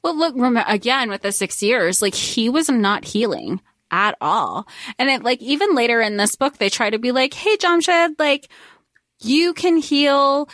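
A woman with a fairly high voice talks casually on a podcast, recapping a plot and voicing characters' lines as she goes. Her voice sounds close and dry. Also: lively intonation, normal speed, a bit bright, dry recording. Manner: conversational, acts out characters' lines while recapping. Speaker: podcast co-host. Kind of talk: casual book discussion.

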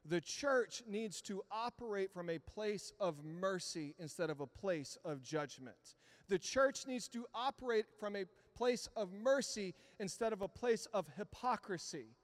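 A man in his thirties with a high voice preaches in a conversational, storytelling way. He keeps asking the congregation to answer him. The sound rings with the long reverb of a church hall. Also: expressive, a little slow. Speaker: pastor. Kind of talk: sermon. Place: church sanctuary.

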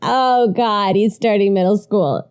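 A woman's voice: medium pitch, measured pace, clean tone. A middle-aged woman co-hosting a podcast, telling stories in a casual chat and acting out the voices. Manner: expressive storytelling, acting out voices. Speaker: podcast co-host.

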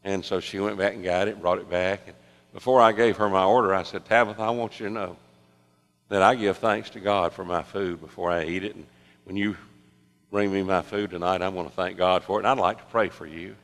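Gravelly preacher in a big hall. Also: male voice, low voice. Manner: animated, swings from loud excited telling to soft hushed storytelling. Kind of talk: sermon storytelling. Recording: long reverb of a large hall.

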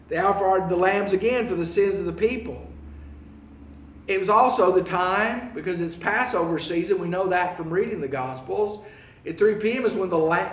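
A male preacher delivering a sermon, swinging between loud, emphatic proclaiming and hushed, pleading appeals. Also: sits high, echoey room, distant mic.

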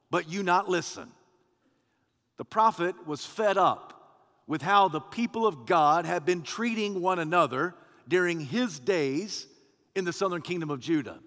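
High, bright-voiced male preacher. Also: long reverb tail. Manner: emphatic, rhythmic repetition, swelling to shouts. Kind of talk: sermon.

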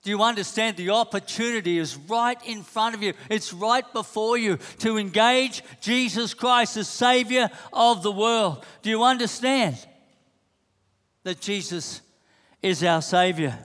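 Unhurried and a bit bright, a high-sitting male voice delivers a sermon, insisting on the same rhetorical questions time after time. The church hall setting gives the recording a long reverb.

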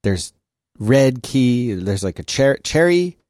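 A man's voice: medium pitch, very animated, takes it slowly, a little mellow, no room sound, studio quality. A man chatting casually as a podcast co-host, agreeable and explaining things at length. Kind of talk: casual chat.

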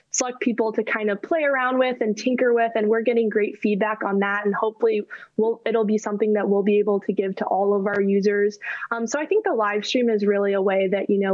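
A woman guest in a casual talk, upbeat and promotional with quick quips. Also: medium pitch, muffled recording. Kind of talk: casual chat.

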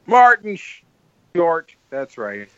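A man's voice: on the high side, slow, muffled recording. A man co-hosting a podcast, casually retelling scenes from an old comedy film with lots of fillers and acted-out lines. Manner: rambling, animated storytelling with quoted movie lines. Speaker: podcast co-host. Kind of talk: casual chat.

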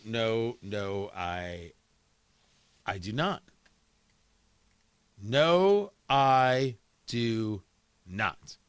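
A man's voice: fairly high pitch, bright, forceful tone, dry recording. A man hosting a talk show, delivering an opinionated, emphatic monologue and often repeating words as he restarts a thought. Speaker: radio talk host.

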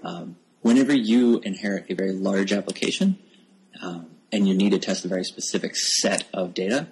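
A man, a software developer and podcast guest, talking casually into a close microphone, hesitant and self-deprecating with many restarts. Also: fairly low pitch, low-quality recording. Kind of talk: casual tech podcast chat. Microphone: new close microphone.

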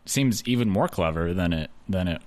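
A man's voice: low voice, lively intonation, normal speed, darkish tone, dry recording. A man co-hosting a casual music review chat, wry and teasing with dry humor. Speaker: podcast co-host.

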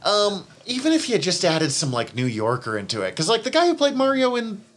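A man's voice: high-pitched, huge pitch swings, a little fast, heavy background noise. Rambling man co-hosting a podcast. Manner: rambling, self-correcting, laughs often. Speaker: podcast co-host. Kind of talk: casual chat.

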